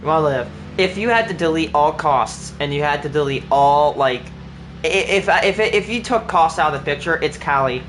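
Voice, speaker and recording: Speaking at a moderate pace, a man with a slightly high, a bit bright voice chats casually as he plays on a livestream, with slight background noise. He rambles, using "like" a lot and restarting, while clear background music plays.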